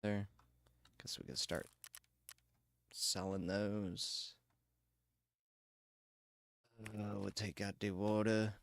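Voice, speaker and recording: A man's voice: lowish voice, level tone, gravelly. A man streaming a game live, ranting and swearing in casual chat as he plays. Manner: ranting, swearing, quick laughs. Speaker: livestreamer. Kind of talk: casual gaming livestream chat.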